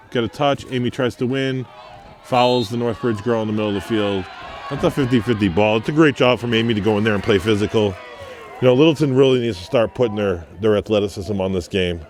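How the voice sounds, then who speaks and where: A man's voice: on the low side, darkish tone. A man calling play-by-play on a local soccer game, chatty, breaking off to coach and explain. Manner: conversational, with coaching asides. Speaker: play-by-play commentator. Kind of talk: local sports commentary. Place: high up above a field, outdoors.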